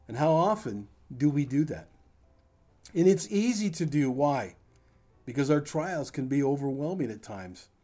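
A man's voice: medium pitch, warm tone. An older man preaching a sermon in a conversational, folksy way, with asides to his congregation. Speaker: pastor.

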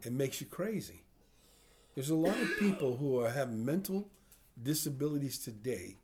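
A man's voice: mid-range voice, very animated, normal speed, a little mellow. An older man teaching a sermon in a conversational way, asking his listeners questions as he explains. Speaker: pastor.

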